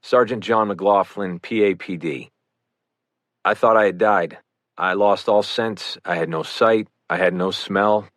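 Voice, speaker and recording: A man giving a slow, hushed first-person reading for an audiobook. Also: fairly low pitch, fairly even intonation, no room sound, clean studio sound. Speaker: audiobook reader.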